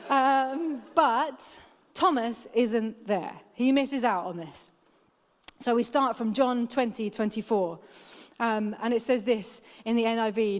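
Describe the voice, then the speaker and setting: A woman's voice: fairly high pitch, slow. A woman giving a casual, humorous sermon as a guest preacher, chatty and often laughing. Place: church hall. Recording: echoey church hall.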